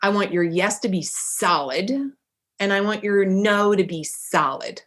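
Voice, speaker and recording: A middle-aged woman giving a motivational talk as a life coach, emphatic and animated, often acting out little bits of dialogue. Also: mid-range voice, measured pace.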